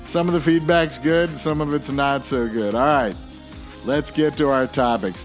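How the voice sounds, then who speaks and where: A man's voice: mid-range voice, normal speed, soft background music. A man hosting a podcast alone, talking in a casual, jokey and rambling way. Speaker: podcast host.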